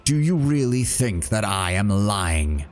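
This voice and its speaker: A man's voice: on the low side, sing-song, faint music behind. A man voicing a zealous accuser who preaches about righteousness and sin in a tabletop role-playing game. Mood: accusing. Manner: preachy, measured.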